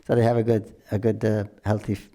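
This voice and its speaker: An older man casually telling devotional stories, halting often with restarts, throat clearing and chuckles. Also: lowish voice, little pitch movement, mellow. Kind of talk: casual storytelling talk.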